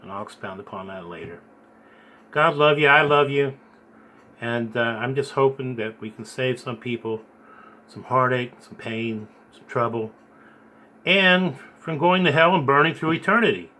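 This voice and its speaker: A man earnestly recounting a dream and preaching in a rambling, halting way, repeating his words. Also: medium pitch, bright, forceful tone. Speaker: video blogger recounting a dream. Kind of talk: earnest spoken storytelling and preaching.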